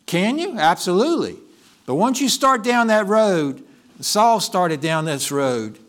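A male pastor delivering a sermon, telling a story in an animated way and often correcting himself mid-sentence. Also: sits high, a little slow. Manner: animated storytelling, with frequent restarts and self-corrections.

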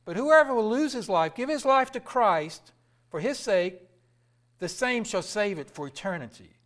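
Fervent preacher man, high and lively. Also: moderate pace. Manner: fervent, rising to loud emphatic peaks then dropping low; asks the crowd questions and answers himself. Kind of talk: sermon.

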